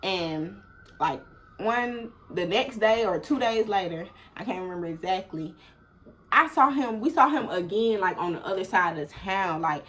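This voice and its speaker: Animated Atlanta woman telling a story. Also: unhurried. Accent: Southern US, Atlanta. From Atlanta, USA. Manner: animated, swearing, acts out quoted people in sudden loud high bursts. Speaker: vlogger. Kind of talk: casual storytelling monologue.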